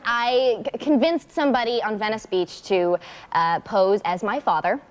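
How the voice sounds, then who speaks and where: A woman's voice: mid-range voice, moderate pace, clean tone. A young woman chatting as a talk show guest, telling anecdotes with giggles and fillers. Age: young adult. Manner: lively storytelling with giggles and fillers. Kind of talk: casual chat.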